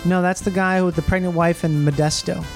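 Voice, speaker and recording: A man's voice: high voice, steady tone, brisk, creaky, darkish tone, faint music behind. A man co-hosting a podcast in casual chat, swearing freely, joking and laughing often. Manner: crude, jokey, laughs often. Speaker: podcast co-host.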